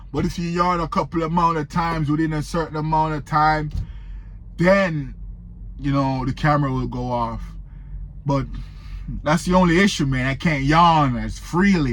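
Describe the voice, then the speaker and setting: A man's voice: on the high side, a bit bright. A man who drives trucks, chatting casually and rambling in a storytime vlog from his parked truck. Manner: laid-back, rambling, says "man" often.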